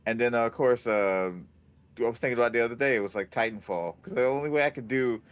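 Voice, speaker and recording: A man's voice: mid-range voice, quick pace, clean tone. A man co-hosting a casual tech podcast, jokey and full of playful asides. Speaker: podcast co-host.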